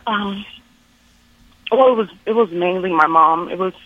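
A woman's voice: mid-range voice, no echo. Tearful female caller on a muffled line. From Texas. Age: adult. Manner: hesitant, halting, many fillers. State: close to tears. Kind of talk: call-in radio conversation. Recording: muffled phone-line call.

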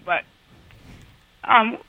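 A woman calling in to an advice show, hesitant and emotional, with many pauses and fillers. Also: no echo. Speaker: caller. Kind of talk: phone-in call to advice show. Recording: phone line.

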